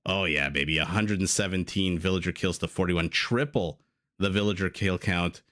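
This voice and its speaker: A man's voice: deep voice, moderate pace, fairly bright tone. A man casting a live strategy game match, chatty and prone to rambling tangents with frequent laughs. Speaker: game caster. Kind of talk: live esports commentary.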